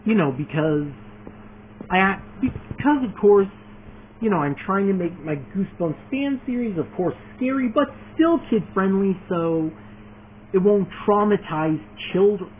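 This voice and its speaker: A man's voice: high-pitched, animated, measured pace. A man talking casually in a vlog, rambling through his plans with lots of fillers and restarts, eagerly adding one more point after another. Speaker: video creator announcing his fan series. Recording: tinny phone-like sound, faint noise.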